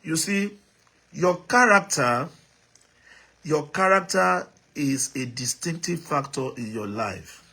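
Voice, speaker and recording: A man's voice: on the high side, animated, slow, bright, forceful tone, husky. A Nigerian man hosting a live stream, reading out viewer comments and urging the audience to write in, switching between English, Pidgin and Yoruba.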